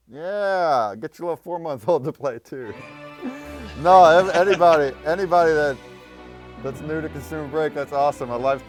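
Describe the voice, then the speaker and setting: A man hosting a casual live stream, upbeat and laughing often as he announces winners. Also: a little high. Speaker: stream host.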